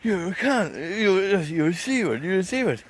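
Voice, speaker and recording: A man's voice: high voice, very animated, moderate pace, a little hiss or hum, voice pushed up. A man quoting an aggressive, insulting posh festival-goer in a slightly raised voice. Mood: hostile. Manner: insulting, hostile.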